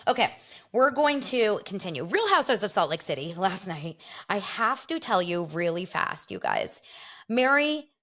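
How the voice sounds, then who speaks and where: A woman's voice: medium pitch, big pitch swings, normal speed, a bit bright. A woman hosting a casual show, rambling through gossipy commentary and laughing often. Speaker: host.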